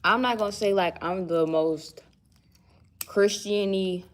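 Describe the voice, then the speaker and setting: A young woman vlogs from her workplace, chatting casually to the camera and musing aloud as she wanders from one thought to the next. Her voice sits in the mid-range and she takes her time.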